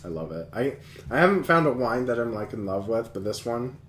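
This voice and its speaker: A man's voice: medium pitch, very animated, a little fast, a bit bright, roomy sound, a little hiss or hum. A man hosting a live stream, chatting casually, rambling and laughing often. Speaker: streamer host.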